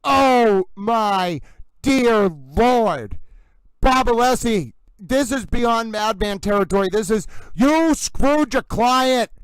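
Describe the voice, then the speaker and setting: A man hosting a live commentary stream, theatrically exasperated, swinging between yelling and low muttering. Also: animated, slow pace, clear, resonant tone, dry recording, poor audio. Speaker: livestream host commenting on a trial.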